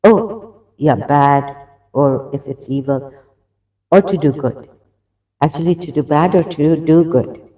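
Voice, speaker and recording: A man's voice: on the high side, takes it slowly, long pauses. A man on a live stream reading religious passages aloud and reacting, breaking off to apologize and cough, short of breath. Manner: excitable, reads passages aloud, frequent apologies and restarts. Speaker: streamer discussing religious texts. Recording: roomy echo, off-mic.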